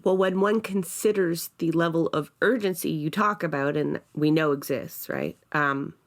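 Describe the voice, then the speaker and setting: A woman's voice: sits low, animated, normal speed. A woman hosting a political podcast, speaking directly and posing pointed questions. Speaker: podcast host. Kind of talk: casual political discussion.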